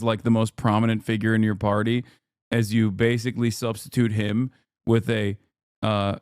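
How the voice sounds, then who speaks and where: A man's voice: medium pitch, a little mellow, smooth, no echo, studio quality. A man in his thirties giving sarcastic, incredulous commentary on a live stream while reacting to a news report.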